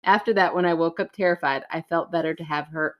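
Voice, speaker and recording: A woman's voice: sits low, steady tone, quick pace, lo-fi sound. A woman co-hosting a casual podcast chat, giggling and cheering on her co-host. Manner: giggly, encouraging.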